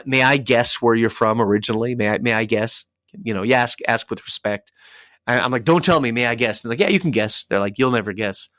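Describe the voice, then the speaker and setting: A man, a radio DJ, chatting as a podcast guest and telling lively stories with acted-out dialogue. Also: fairly low pitch, no room sound, clean studio sound. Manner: animated storyteller acting out dialogue. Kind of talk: casual podcast interview.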